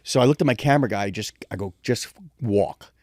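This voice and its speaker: A middle-aged man, a media veteran telling lively stories in casual podcast chat. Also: brisk, no echo, clean studio sound. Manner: animated storyteller, acts out quotes in high voices. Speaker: guest, MMA media veteran.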